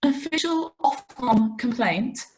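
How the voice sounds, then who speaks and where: A woman, a racing TV presenter telling self-mocking, animated stories in an interview. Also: fairly high pitch, slow pace, slight background noise. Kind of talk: interview anecdotes.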